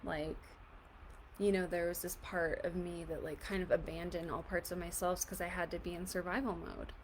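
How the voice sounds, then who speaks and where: Gentle woman guiding a tapping session. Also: lowish voice, fairly even intonation, normal speed, slight background noise. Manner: casual, fills speech with "like"; gentle and reassuring. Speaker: EFT tapping coach.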